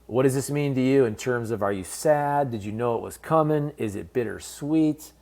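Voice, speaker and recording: Male sports commentator, casual fan-facing vlog delivery, mid-range pitch, candid. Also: moderate pace, creaky, warm tone. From based in St. Louis. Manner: conversational, candid, fan-focused.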